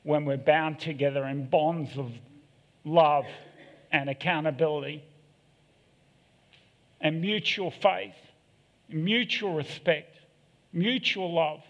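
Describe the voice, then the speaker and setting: In a church hall full of long echo, a middle-aged man gives a candid, self-mocking sermon sprinkled with jokes. His fairly high, somewhat bright voice holds a steady tone, moving slowly with long pauses.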